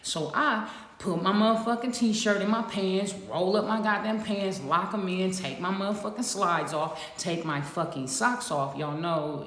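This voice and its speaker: Casting: woman, lower voice, animated and profane storyteller, echoey roomy sound. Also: slight background noise. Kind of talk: casual storytelling to camera.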